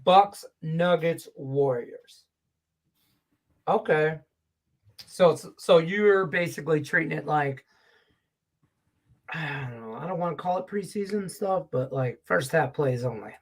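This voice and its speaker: A man's voice: a little high, takes it slowly, long pauses. A man hosting a casual sports betting show, running through picks with loose, joking chatter and casual swearing.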